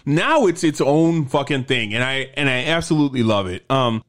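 A man's voice: mid-range voice, lively intonation, normal speed, fairly bright tone. A man co-hosting a casual podcast chat, enthusiastic and profane, often stumbling and restarting. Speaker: podcast co-host.

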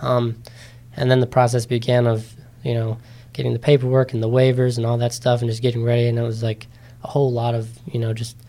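A man's voice: medium pitch, brisk. Chatty young man telling a story. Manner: chatty, animated when quoting others, many ums and likes. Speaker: interview guest, competitor. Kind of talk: casual interview storytelling.

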